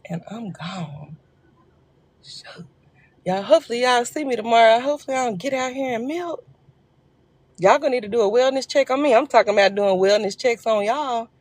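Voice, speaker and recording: A woman from Arkansas, USA, speaks in a mid-range voice with a Southern accent, and there's no room sound. She's hosting a livestream from her phone, chatting casually and joking with viewers.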